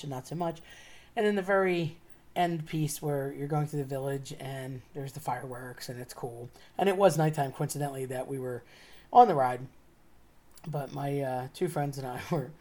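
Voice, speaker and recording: A woman's voice: low voice, a little mellow. A woman telling a personal story in a casual, chatty way, wry and often laughing as she talks. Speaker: storyteller host.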